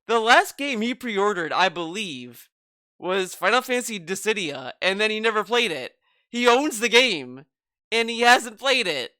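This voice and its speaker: A man rants through a reaction commentary with a lively, swooping delivery and heavy swearing. His voice is bright, smooth and dry, close to the mic with no room sound. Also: sits high, measured pace, no echo. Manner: mocking, profane, animated ranting. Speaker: commentary video host.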